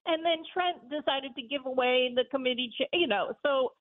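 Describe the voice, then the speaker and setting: A woman talking politics in a casual chat, animated and laughing often as she talks. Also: high-pitched, normal speed. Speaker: political commentator. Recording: tinny phone-line sound.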